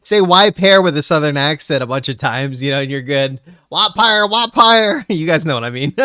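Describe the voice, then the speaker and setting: Man, brash podcast guest, laughs a lot, lively swinging pitch, bright edge, dry sound. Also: moderate pace, clear, resonant tone, no echo. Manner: brash, animated, laughs often. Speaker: VTuber streamer, podcast guest. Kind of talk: casual podcast chat.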